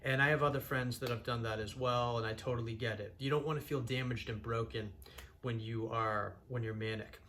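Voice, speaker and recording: A man's voice: medium pitch, fairly even intonation, brisk, fairly bright tone. A young man from Massachusetts, telling his own story in an earnest, rambling way with frequent restarts. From Massachusetts, USA. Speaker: channel host sharing his own story. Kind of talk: candid personal storytelling.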